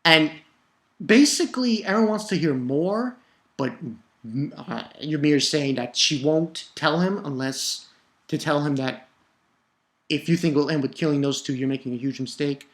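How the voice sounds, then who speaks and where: A man's voice: a little high, normal speed, a bit bright. A young man giving a casual, rambling review rant, heated and full of swearing. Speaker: manga reviewer.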